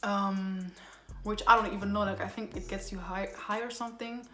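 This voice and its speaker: A woman's voice: mid-range voice, fairly even intonation, moderate pace, roomy sound. A young woman vlogger telling a casual storytime, rambling and using a lot of fillers. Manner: rambling retelling, filler-heavy with constant "like".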